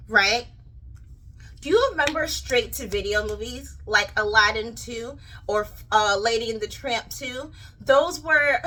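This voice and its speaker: Bright girlish young woman ranting. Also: a little high, rough recording. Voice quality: childlike, girlish way of talking. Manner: rambling and animated, many fillers and restarts. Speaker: vlogger. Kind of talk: casual rant to camera.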